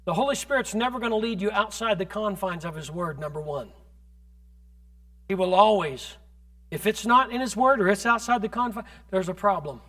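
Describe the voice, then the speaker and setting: A man preaching a sermon to a congregation, moving from conversational asides to fervent, shouted exhortation and calling on the listeners directly. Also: high voice, normal speed.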